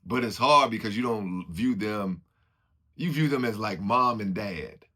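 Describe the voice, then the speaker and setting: A man's voice: on the low side, a little slow, sharp tone. A man giving an informal, preachy motivational talk, acting out what other people say as he goes. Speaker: motivational speaker.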